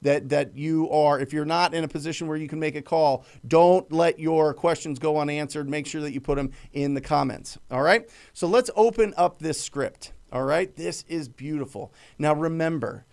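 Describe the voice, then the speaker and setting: A man's voice: a little high, moderate pace, gravelly, few pauses, darkish tone. A middle-aged man hosting a live show, coaching with emphatic repetition and acting out sample phone calls. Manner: emphatic, repeats key phrases, acts out sample calls. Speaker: live show host teaching real estate cold calling. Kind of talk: energetic live coaching talk.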